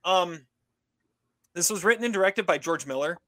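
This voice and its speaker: A man's voice: high voice, expressive, moderate pace, fairly bright tone, no echo. A man co-hosting a casual film podcast, rambling with many fillers and restarts. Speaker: podcast co-host reviewing films. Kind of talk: casual chat.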